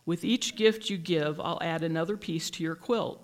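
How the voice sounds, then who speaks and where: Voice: mid-range voice, moderate pace, close to an everyday voice. A reader voicing a kind old quilt maker. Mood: gentle.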